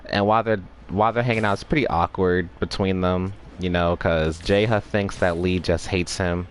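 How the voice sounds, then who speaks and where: Deep-voiced man recapping a story casually. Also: fairly even intonation, moderate pace, a little hiss or hum. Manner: rambling, restarts often, acts out characters' lines.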